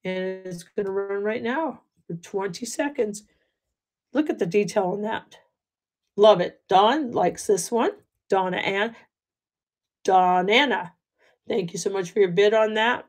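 A woman with a raspy voice hosts a live jewelry sale, speaking slowly and unhurriedly. She chats and laughs with her viewers as she shows each piece and thanks every bidder by name. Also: mid-range voice. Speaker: livestream jewelry seller. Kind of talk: live auction selling chat.

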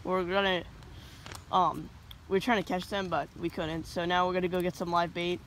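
A fishing companion chatting casually outdoors at a lake, quick to get loud and excited. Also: medium pitch. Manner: excitable, shouts when a fish bites. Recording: outdoor noise behind the voice.

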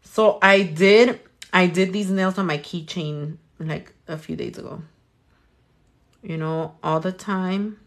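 With a fairly low voice, fairly even intonation, and a slow pace, a young woman chats through a nail-doing vlog on camera. She's a nail artist who swears, talks to herself and her hands, and drops in Spanish.

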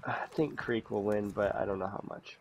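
A man's voice: lowish voice, fairly even intonation, normal speed, noisy background. A man co-commentating a game match in a dry, joking way, swearing freely. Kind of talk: casual gaming commentary.

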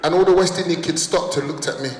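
A man's voice: on the high side, fast. A man doing stand-up, punchy and working the crowd on a big hall stage. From London. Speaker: stand-up comedian. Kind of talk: stand-up comedy. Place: large town hall stage. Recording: echoey hall with crowd noise.

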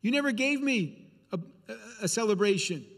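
A man's voice: sits high, expressive, moderate pace, big-room sound. A preacher voicing a self-righteous older brother who complains that he has been wronged. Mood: resentful. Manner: complaining, aggrieved.

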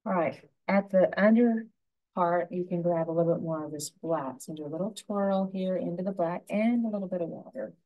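A woman giving a gentle, unhurried painting tutorial, talking through each brushstroke as she works. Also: on the low side, phone-quality sound. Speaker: painting instructor.

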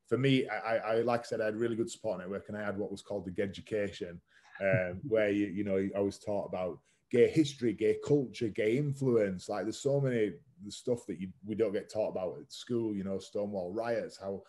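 A man's voice: fairly low pitch, steady tone, fairly quick, warm tone. A man in his thirties, a podcast guest, telling his story frankly and casually, swearing now and then and using lots of "like" fillers. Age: 30s. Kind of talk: candid conversational storytelling.

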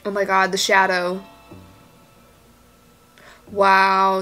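A woman's voice: mid-range voice, moderate pace, fairly bright tone, soft background music. A woman giving casual commentary as she reacts to a movie, exclaiming and gasping at the screen, anxious and near tears for the characters.

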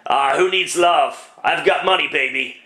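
A man's voice: on the high side, a little slow, bright, forceful tone. A man voicing a grumpy, whiny old miser, grumbling in a one-man comedic radio play. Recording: roomy echo, distant mic.

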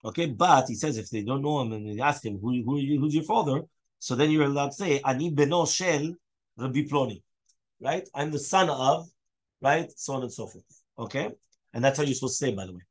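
A rabbi with a medium-pitched voice, speaking a little fast, teaches a Daf Yomi Talmud class. He mixes Hebrew and Aramaic terms into his English and quizzes his students with questions.

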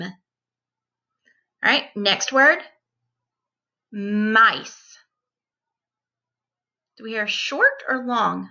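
A woman teacher leads young children through a phonics lesson at a very slow, careful pace. She says each word twice and breaks it into sounds. Her voice is very bright and forceful, on a dull, lo-fi recording. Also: fairly high pitch, animated, vocal fry.

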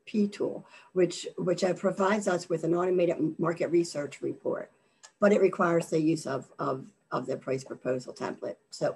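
Husky low-voiced woman presenting a webinar. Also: a little mellow. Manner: halting, many fillers and repeated words. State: losing her voice from allergies. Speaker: government contracting presenter.

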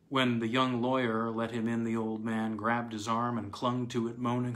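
A man reading a weird tale aloud in a measured, dramatic way. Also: medium pitch, little pitch movement, a bit bright. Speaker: reader. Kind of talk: scripted narration.

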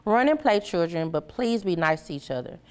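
Kindly teacher, calm and gently firm, storybook voice from a woman reader. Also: fairly low pitch, moderate pace, clean tone. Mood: cheerful.

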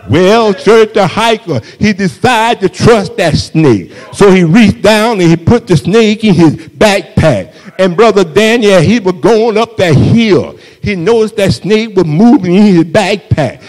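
Male preacher, high voice, unhurried sermon cadence, constant call-outs to the congregation. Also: expressive, darkish tone. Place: church sanctuary. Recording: long hall reverb in a church.

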